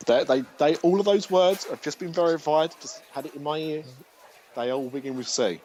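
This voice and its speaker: A man's voice: a little high, normal speed, darkish tone, slight background noise, low-quality recording. A man hosting a podcast in casual chat, rambling with restarts and jokes. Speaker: podcast host.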